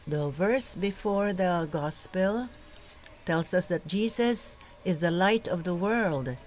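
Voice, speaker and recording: A woman coaching lectors and reading scripture aloud in a slow, measured, deliberate way. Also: on the low side, animated, darkish tone, low-quality recording. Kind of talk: scripture reading and proclamation tips.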